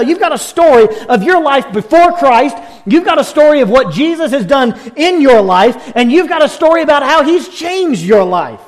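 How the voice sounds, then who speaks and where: A male pastor preaching a sermon in an animated way, swinging from loud and high to soft and low, with folksy storytelling.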